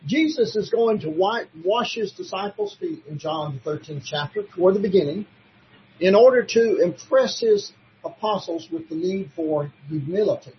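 A man with a notably high voice teaches a Bible study in sermon style. He presses his points emphatically and poses rhetorical questions to his listeners. The recording is muffled and lo-fi. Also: expressive, moderate pace, slight background noise. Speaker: preacher teaching a Bible class.

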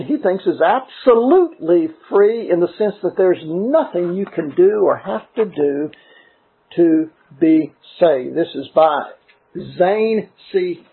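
A man preaching a sermon, reading scripture and quotes, slowing down and stressing key words. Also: high voice, slightly rough. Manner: emphatic, deliberate, slows on key words. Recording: tinny phone-like sound.

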